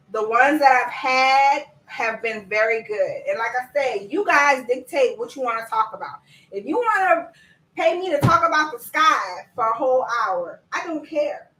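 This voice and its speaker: A woman coaching viewers in a lively live-stream chat, talking to them directly and laughing often. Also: on the high side, roomy sound, distant mic, a little hiss or hum, low-quality recording. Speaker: business coach.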